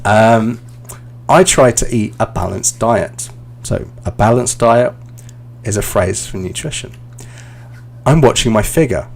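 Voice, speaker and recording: A Londoner in his thirties, speaking with a London accent, teaches English on a live stream and answers viewer questions along the way. His voice is lowish and gravelly, his delivery unhurried with long pauses, and the tone is casual and chatty.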